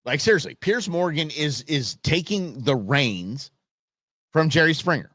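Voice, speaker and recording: A man hosting a live stream, reacting to a TV clip in a blunt, rambling way and often restarting his sentences. His pitch swings up and down a lot. The sound is dry and close, with no room echo. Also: lively intonation, measured pace, sharp tone.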